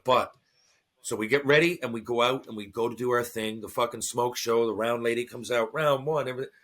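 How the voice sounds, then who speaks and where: A man, a former hockey enforcer, telling a fight story on a podcast in casual, animated, profane chat. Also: mid-range voice, brisk. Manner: animated, swearing, acting out his own reactions.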